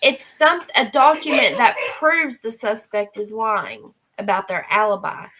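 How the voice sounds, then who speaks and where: Woman, very slow and musing, slightly high, casual game-stream chat. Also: background noise. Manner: slow, unhurried, musing aloud. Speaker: co-player on a live stream.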